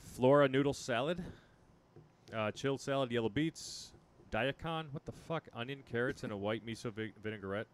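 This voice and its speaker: A man's voice: mid-range voice, moderate pace, a little hiss or hum. A man co-hosting a podcast, casually reading a menu aloud with joking, profane asides. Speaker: podcast co-host.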